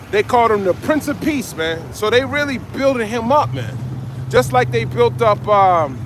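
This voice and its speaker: A man delivers a fiery open-air street sermon, exhorting passersby and capping his lines with "man." His voice sits high for a man. He is recorded outdoors at an urban marketplace, with faint traffic noise behind him. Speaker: street preacher.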